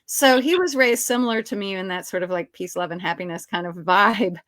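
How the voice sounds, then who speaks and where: A woman's voice: medium pitch, a little fast, fairly bright tone, no room sound, clean studio sound. A woman actress as an interview guest, telling behind-the-scenes stories in a chatty way with many "you know"s. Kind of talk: casual storytelling interview.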